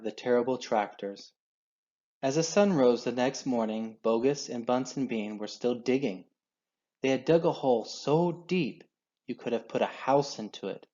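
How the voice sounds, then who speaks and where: A man reading a children's storybook aloud in an expressive, measured way. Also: mid-range voice. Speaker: children's book reader. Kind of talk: storybook read-aloud narration. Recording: dull lo-fi sound.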